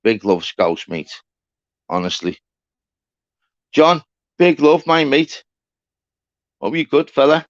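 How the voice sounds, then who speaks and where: A man, hosting a casual live chat with viewers. He shouts out greetings, then drops into quiet, sombre talk. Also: mid-range voice, sing-song, slow pace, pauses often, no echo, dull audio. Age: 30s. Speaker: livestream host.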